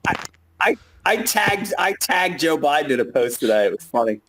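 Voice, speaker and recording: A man's voice: high-pitched, noisy background. A man co-hosting a casual live call, laughing often and swearing freely. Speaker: co-host of a chart analysis call.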